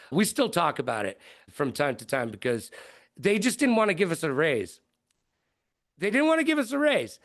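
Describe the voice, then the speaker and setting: Animated storytelling man, lively pitch. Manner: lively, jumps into high-pitched quoted voices. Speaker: guest broadcaster.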